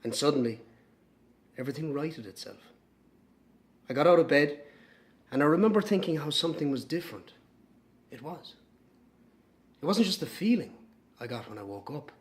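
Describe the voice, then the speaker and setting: An actor with an Irish accent playing a young man, her lost twin, speaking in a hushed, brooding dramatic monologue for an audio drama. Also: fairly high pitch, lively intonation, moderate pace, pauses often, lightly acted. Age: young adult.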